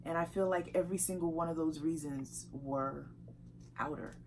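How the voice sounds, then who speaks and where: Animated young woman chatting casually. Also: low voice, normal speed, a little hiss or hum. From United States. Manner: animated, emphatic, laughs often. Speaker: vlogger. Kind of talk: casual couple chat.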